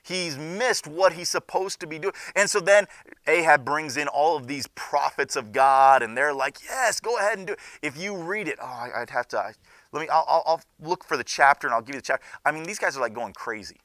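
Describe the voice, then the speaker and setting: Young guy teaching bible class, bright voice, acts out the characters, dry close sound. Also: a little high, brisk, no echo. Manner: animated storytelling, acting out the characters' lines.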